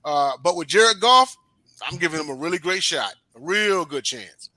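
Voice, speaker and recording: A man's voice: on the high side, lively intonation, normal speed, bright, forceful tone, dry recording, poor audio. A man on a sports talk panel, talking football in a playful, teasing way.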